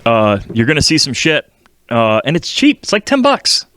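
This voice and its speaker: A man's voice: medium pitch, wildly swooping pitch, normal speed, a bit bright, no room sound. A man co-hosting a podcast and working as a welder, talking casually in a blunt, crude, joking way. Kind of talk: casual chat.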